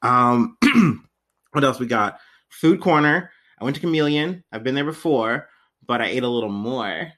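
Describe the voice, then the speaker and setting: A man's voice: medium pitch, expressive, measured pace, fairly bright tone. A man in his twenties hosting a podcast in casual, slangy chat, rambling through tangents and laughing often. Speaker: podcast co-host.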